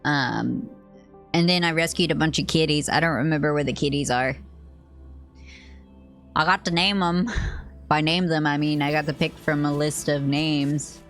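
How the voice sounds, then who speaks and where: A young woman streams a game at her desk mic, her voice low for a woman. She rambles playfully, swears freely and jumps into high yelps when hit, with faint music playing behind her. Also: steady tone, normal speed, pauses often. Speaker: VTuber streamer. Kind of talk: casual gaming stream chat.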